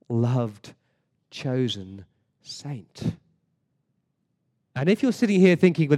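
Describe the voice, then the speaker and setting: A man's voice: mid-range voice, mellow, big-room sound. English man preaching emphatically. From England. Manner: emphatic, rhetorical questions, frequent word repeats. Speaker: pastor. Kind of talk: sermon. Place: church service.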